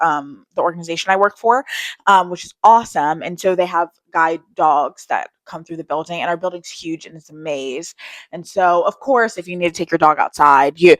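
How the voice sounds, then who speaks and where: A woman's voice: on the low side, fairly bright tone, dry recording, low-quality recording. A young woman in casual vlog chat, telling candid stories about her day and swearing freely. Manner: chatty storytelling, candid and swearing. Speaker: vlogger.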